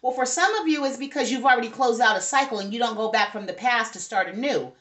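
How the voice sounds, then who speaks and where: A woman's voice: fairly high pitch, quick pace, a bit bright. Chatty woman giving a tarot reading. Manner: chatty, talks to spirits and viewers, frequent "okay?". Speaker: tarot reader. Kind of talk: casual tarot reading to viewers.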